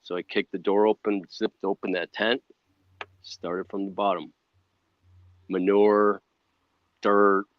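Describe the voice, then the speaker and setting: A man guest telling a long personal story in a casual interview, rambling and animated with many asides. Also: low voice, dry recording, lo-fi sound. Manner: rambling, animated, full of "you know" asides.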